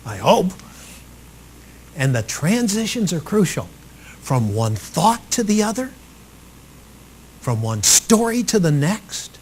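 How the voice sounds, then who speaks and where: Animated male speaking coach, lively pitch. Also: takes it slowly, pauses often. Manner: animated and expressive, acts out quotes; swings from loud to soft for emphasis. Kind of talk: live workshop talk to trainees.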